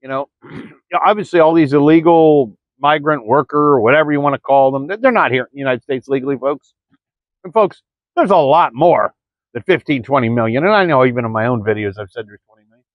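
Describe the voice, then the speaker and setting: A man's voice: mid-range voice, lively intonation, fairly quick, no echo. A man in a rambling vlog monologue, stumbling over words and calling his listeners "folks.". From Florida. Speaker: vlogger. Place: early morning, indoors or near the camera. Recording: dry, dull lo-fi sound.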